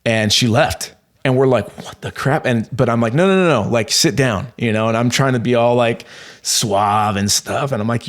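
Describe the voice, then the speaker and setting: A man in his thirties telling a long personal story as a podcast guest, rambling and animated, with many fillers and restarts. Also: medium pitch, moderate pace. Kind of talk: casual storytelling.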